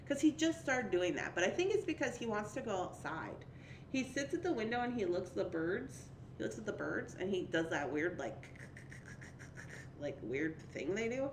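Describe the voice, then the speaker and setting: Chatty woman, lively, echoey room. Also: mid-range voice, a little hiss or hum. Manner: chatty, laughs often, reads viewer comments aloud. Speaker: livestream host. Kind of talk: casual chat.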